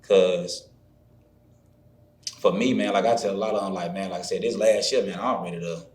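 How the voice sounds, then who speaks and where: A man's voice: low voice, steady tone, normal speed, darkish tone, a little hiss or hum. A man from Florida, a trainer reflecting openly in casual podcast talk, often checking in with his listener. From Florida, USA. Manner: reflective, keeps saying "you feel me". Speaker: podcast guest, fitness trainer. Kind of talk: casual conversation. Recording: roomy echo.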